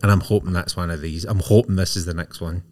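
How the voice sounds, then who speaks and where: A man's voice: low voice, steady tone, quick pace, darkish tone. A man co-hosting a casual podcast, explaining things with repeated "right?" check-ins. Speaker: podcast co-host. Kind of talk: casual chat.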